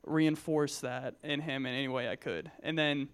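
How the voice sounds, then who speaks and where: A man's voice: mid-range voice, fairly even intonation, normal speed, clean tone. A young man in his twenties giving a casual, joking sermon to young believers, full of personal stories, fillers and restarts. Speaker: Christian speaker at a youth gathering.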